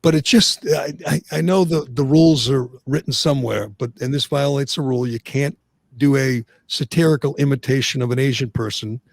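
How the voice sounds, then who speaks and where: A man's voice: medium pitch, a little fast, gravelly, no echo, clean studio sound. A man hosting an opinionated sports talk radio show, ranting with lots of restarts. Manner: animated ranting, frequent restarts.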